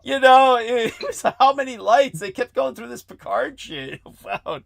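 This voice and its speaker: Male podcast host, casual chat, lively wide-ranging voice, frequent laughter, dry close sound. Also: extremely high pitch, a little slow, gravelly, no echo. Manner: laughs often, animated, talks in bursts.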